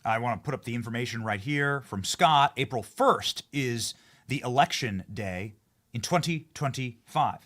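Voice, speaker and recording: A man hosting a political talk show, jokey and animated, swinging between loud excited bursts and low asides. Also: moderate pace. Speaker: host.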